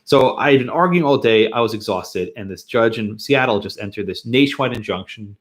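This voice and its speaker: A man's voice: fairly low pitch, fairly quick. A man from New York, a law professor, telling a personal story to his class with frequent chuckles and restarts. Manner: animated storyteller, chuckles often, self-interrupts. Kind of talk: lecture with a personal anecdote.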